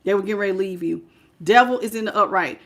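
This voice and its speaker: A woman's voice: mid-range voice, fast, fairly bright tone. A woman giving a casual live-stream tarot reading, chatty and emphatic, often laughing and greeting viewers by name. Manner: emphatic, repeats key phrases. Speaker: tarot reader.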